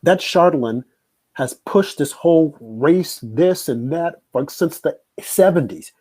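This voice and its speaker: A man's voice: fairly high pitch, expressive, slow, a little mellow, slightly rough. A man hosting a political commentary show, talking emphatically and repeating his points. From United States. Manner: emphatic, repetitive. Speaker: host.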